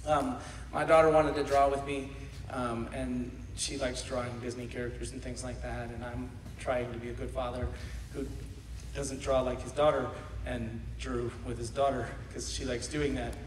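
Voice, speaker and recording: A man in his thirties preaching a sermon, animated, swinging between shouts and quiet asides, laughing often. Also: mid-range voice, moderate pace, background noise. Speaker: pastor. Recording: echoey hall from far off.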